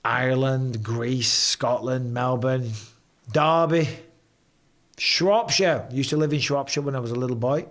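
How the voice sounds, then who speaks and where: A man hosting a casual live stream from home, chatting and reading viewer comments aloud with quick banter. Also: medium pitch, steady tone, a bit bright.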